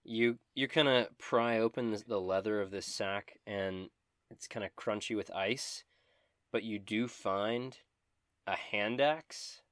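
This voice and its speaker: A man narrating as game master of a tabletop game, setting scenes slowly with playful asides. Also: lowish voice, fairly bright tone, no echo, clean studio sound.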